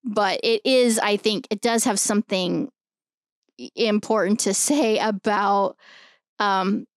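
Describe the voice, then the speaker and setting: Woman podcast co-host, smooth clear voice, dry close sound, emphatic and profane, casual film talk. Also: medium pitch, fairly even intonation, takes it slowly, dry recording. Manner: emphatic, swears freely.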